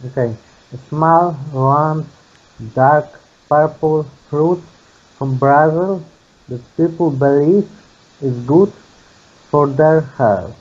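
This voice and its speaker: A man from Poland with a Polish accent, an English student reading slowly and hesitantly in a video call lesson. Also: a little high, darkish tone, highs cut off. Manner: slow, hesitant, halting.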